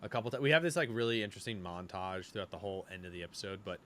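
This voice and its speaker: A man's voice: low-pitched, racing. A man co-hosting a podcast, retelling scenes in casual chat with lots of swearing and fillers. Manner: animated, profane retelling with many fillers. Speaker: podcast co-host.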